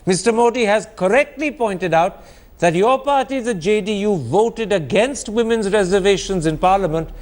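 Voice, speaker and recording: A man's voice: high-pitched, moderate pace. A man moderates a televised political debate. He presses his guests with pointed, emphatic questions and cuts in to keep them on track. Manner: probing and emphatic, cuts in to steer the discussion.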